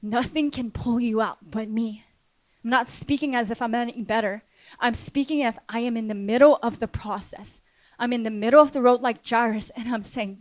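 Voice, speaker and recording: A woman's voice: a little high, normal speed, dry recording. A woman pastor preaching a sermon in a church, impassioned and repetitive, addressing the congregation directly.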